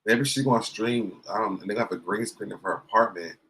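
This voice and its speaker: Stream host, man, somewhat low voice, sarcastic gossip commentary, chats with viewers. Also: a little fast, fairly bright tone, low-quality recording. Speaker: livestream host. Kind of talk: casual commentary reacting to clips.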